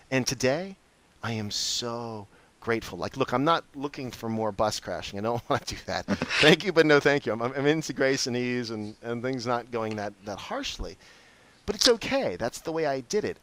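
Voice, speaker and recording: A man in casual conversation, talking openly about his life and acting out his own reactions. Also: no room sound. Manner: animated, acts out his own reactions with big pitch jumps. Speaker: host.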